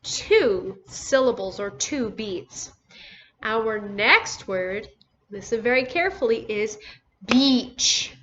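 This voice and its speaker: A woman's voice: medium pitch, expressive, fairly bright tone. A woman teaching a recorded phonics lesson to young children, sounding out each word syllable by syllable. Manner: slow, sounds out words syllable by syllable. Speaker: first grade teacher. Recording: dull lo-fi recording with faint noise.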